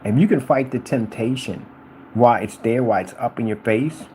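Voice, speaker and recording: A man's voice: medium pitch, normal speed, a little mellow, slight background noise, poor audio. A middle-aged man ranting to camera as a vlogger, rambling and repeating himself while addressing a rival directly.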